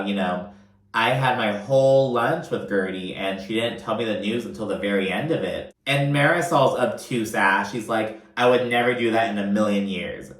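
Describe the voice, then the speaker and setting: Brief: man, lowish voice, gossipy and profane reality-TV recap host, roomy echo. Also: fairly bright tone. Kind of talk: casual recap commentary. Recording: echoey room.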